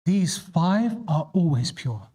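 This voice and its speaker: A man's voice: big pitch swings, slow pace, warm tone. A man giving a sermon, telling religious stories dramatically and acting out the lines he quotes. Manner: dramatic, voices quoted lines with rising pitch. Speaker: preacher. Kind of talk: sermon storytelling.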